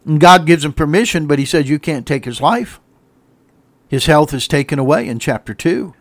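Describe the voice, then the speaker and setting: A man's voice: a little high, normal speed, no room sound. A male pastor preaching a sermon, building emphatic repeated refrains and acting out the voices of people he quotes.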